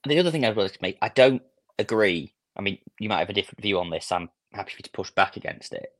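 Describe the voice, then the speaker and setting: A man's voice: on the low side, lively intonation, fairly bright tone, no echo. A man co-hosting a football podcast, choosing his words carefully and hedging. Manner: measured, hedging. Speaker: podcast co-host. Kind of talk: casual football chat.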